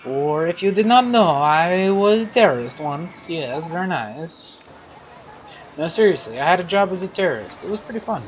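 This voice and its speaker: A man's voice: fairly high pitch, expressive, normal speed, muffled recording, slight background noise, natural voice. A man putting on the voice of a cheerful foreign reporter who speaks broken English, during game commentary. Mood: boastful.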